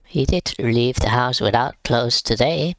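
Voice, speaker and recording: A man's voice: mid-range voice, unhurried, a bit bright, no echo. A man streaming a game live, with casual, wry, rambling commentary.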